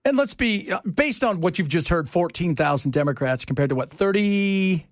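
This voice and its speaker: High-voiced joking radio host. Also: male voice, normal speed, no room sound, clean studio sound. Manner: lively, joking, sarcastic. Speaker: radio talk show host. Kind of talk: casual radio banter. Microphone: studio mic.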